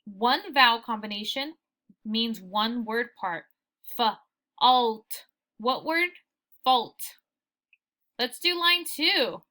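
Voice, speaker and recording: A young woman teaching phonics to students in a recording, sounding out syllables deliberately. Her voice sits a little high and comes across bright, and she keeps an unhurried, slow pace throughout. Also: expressive.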